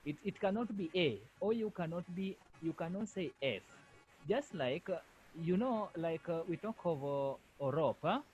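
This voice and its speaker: A man's voice: fairly high pitch, animated, moderate pace, darkish tone, lo-fi sound. A male French language lecturer giving an online lesson over a video call, repeating himself and firmly correcting students. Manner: repetitive, firm corrections.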